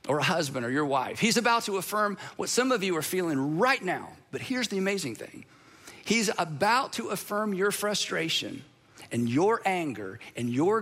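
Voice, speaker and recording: A male pastor delivers a sermon in a high, bright, ringing voice. He is earnest and emphatic, circling back on key phrases. At moments of weight he slows almost to a stop.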